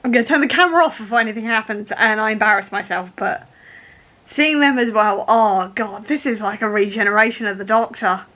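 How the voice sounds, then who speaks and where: A woman's voice: on the high side, brisk, sharp tone. A young woman talking in a casual reading vlog, emotional and laughing through tears as she reacts to a book. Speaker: book vlogger.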